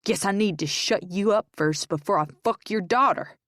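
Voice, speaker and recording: A woman's voice: fairly low pitch, normal speed, no room sound, studio quality, close to an everyday voice. A woman voicing a drunk, violent, abusive grown man who snarls crude threats in an audiobook. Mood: snarling.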